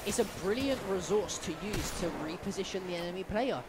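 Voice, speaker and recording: A man's voice: high voice, expressive, fairly quick, background noise. A man giving chatty, analytical color commentary on a live esports match, often laughing. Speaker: esports co-caster. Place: live event venue.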